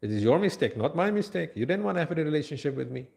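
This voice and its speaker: Divine cowherd told by a male preacher: teasing, reproachful, lifts to a lively, higher pitch when scolding. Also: very fast, vocal fry.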